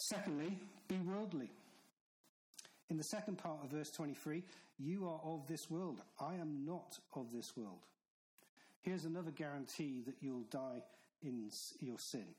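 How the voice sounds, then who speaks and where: A man's voice: on the high side, animated, unhurried, a little mellow, rough recording. Stern man preaching with emphatic repetition. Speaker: pastor. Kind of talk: sermon.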